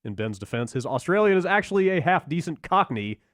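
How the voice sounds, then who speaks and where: A man's voice: a little high, big pitch swings, brisk, fairly bright tone, no room sound, studio quality. A man hosting a podcast and reading listener emails aloud in a wry way. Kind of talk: casual chat.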